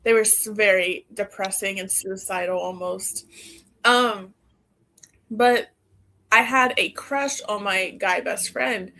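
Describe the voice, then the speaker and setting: A woman's voice: mid-range voice, fairly even intonation, takes it slowly, sharp tone. A young woman co-hosting a podcast, chatting casually and laughing often between her sentences. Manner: laughs often while talking, lots of "like". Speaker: podcast co-host. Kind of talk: casual chat.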